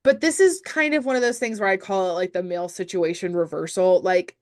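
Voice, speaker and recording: A young woman co-hosts a podcast in a lowish voice at a slightly quick pace. She chats casually about a movie, speaking bluntly and with profanity while quoting characters animatedly.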